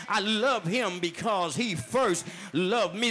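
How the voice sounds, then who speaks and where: A man preaching a sermon, speaking straight to his congregation, with repeated refrains that build up to shouting. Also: high-pitched, takes it slowly, few pauses. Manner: addresses the congregation directly, calling for testimony.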